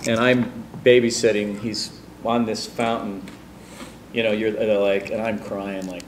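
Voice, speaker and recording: A middle-aged man telling a personal story in a rambling, animated way, with many fillers and restarts. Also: fairly low pitch, unhurried, a little hiss or hum. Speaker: storyteller guest.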